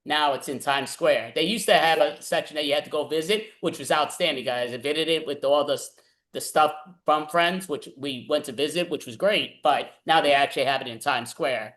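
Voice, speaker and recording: A man's voice: a little high, brisk, fairly bright tone. A man from New City, hosting a casual, playful back-and-forth on a video call, often stumbling and restarting. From New York City. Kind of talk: casual chat.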